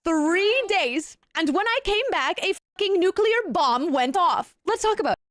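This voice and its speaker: A woman talking casually on her stream, animated, playful and swearing. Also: very high-pitched, moderate pace, dry recording, studio quality. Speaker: VTuber in a played clip.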